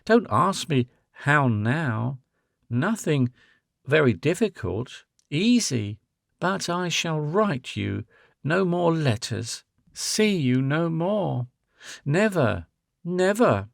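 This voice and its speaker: A man's voice: fairly high pitch, sing-song, takes it slowly, creaky, dry recording, studio quality, exaggerated voice. A man reading as a tender, resolute woman.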